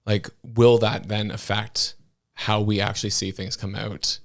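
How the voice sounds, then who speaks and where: A man with a fairly low voice co-hosting a casual political talk stream. He speaks loosely, uses lots of fillers and chuckles between points. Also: level tone, measured pace.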